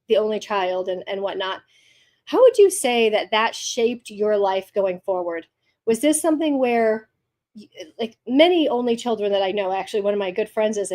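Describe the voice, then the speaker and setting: A woman's voice: medium pitch, darkish tone. Upbeat woman hosting an interview. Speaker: podcast host. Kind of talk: interview podcast.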